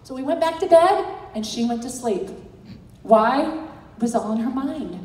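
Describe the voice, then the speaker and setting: A woman's voice: sits high, expressive, moderate pace, darkish tone. A middle-aged woman giving an earnest, encouraging motivational talk as a direct sales team director. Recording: echoey hall from far off.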